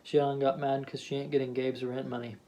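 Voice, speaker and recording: A man voicing a stubborn, defiant middle-aged husband who talks gruffly in clipped dialect. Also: mid-range voice, flat delivery, a little fast, dark tone, slight background noise, lightly acted. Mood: defensive.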